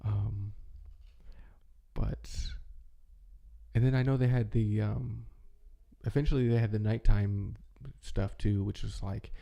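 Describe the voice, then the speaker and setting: A low, gravelly man's voice with a dark tone, talking in a loose, rambling way full of "like" and restarts. He sounds nostalgic and unhurried, a host reminiscing in a relaxed monologue. The delivery stays fairly flat. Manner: rambling, filler-heavy, nostalgic. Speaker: channel host.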